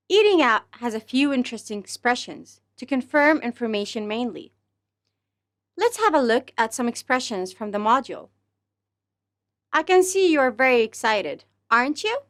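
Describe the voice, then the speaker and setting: A woman teaching an English grammar lesson to pupils, speaking slowly and deliberately and exaggerating the rise and fall of example phrases. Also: high-pitched. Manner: slow, deliberate delivery, speaking to pupils as a class; exaggerated rising and falling intonation on example phrases.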